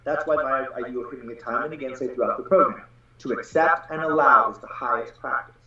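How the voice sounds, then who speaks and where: A blunt, swearing man holds forth as a Taoist teacher in a loose podcast chat, slipping into other people's voices as he tells stories. His voice booms around a strongly echoing room, and the sound is dull and muffled. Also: fairly quick, sharp tone. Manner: blunt and profane, acts out quoted voices. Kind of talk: casual podcast conversation.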